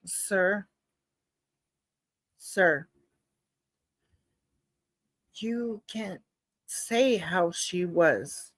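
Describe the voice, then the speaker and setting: A woman's voice: lowish voice, animated, drawn-out words, long pauses, dry recording. A woman commentating live on a trial, skeptical and talking back to the lawyer. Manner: skeptical, talks back to the proceedings.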